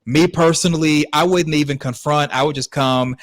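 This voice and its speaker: A man co-hosts a podcast, offering relaxed, wry commentary on a clip and using plenty of fillers. His voice is fairly high and steady, at a normal speed, with no echo.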